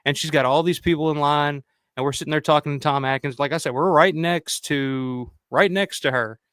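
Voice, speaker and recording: A man with a somewhat high voice tells stories in a loose, rambling flow, cursing freely and leaning on "you know." The sound is dry and close, with no room around it. He slips into the voices of the people he quotes. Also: fairly quick, fairly bright tone, smooth, no room sound. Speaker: roundtable guest. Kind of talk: casual storytelling.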